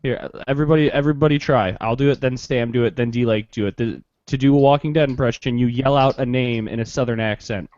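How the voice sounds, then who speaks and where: A man's voice: mid-range voice, fast, hardly any pauses, darkish tone. A man chatting on a panel in a blunt, jokey way, heard over lo-fi call audio. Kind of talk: joking panel chat.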